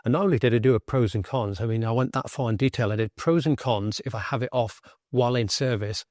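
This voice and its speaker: A middle-aged man, a former Royal Marine, candidly recounting his experiences in a blunt, animated way. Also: mid-range voice, quick pace, no echo, clean studio sound. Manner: blunt, animated, swears freely. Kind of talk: candid personal storytelling.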